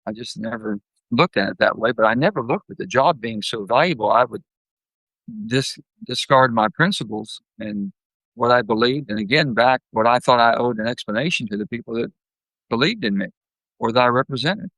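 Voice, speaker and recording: Forceful blunt older man. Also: moderate pace, no echo, rough recording. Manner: blunt, folksy, acts out his anecdotes with lively jumps in pitch. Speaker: guest, former senator. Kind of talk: candid storytelling interview.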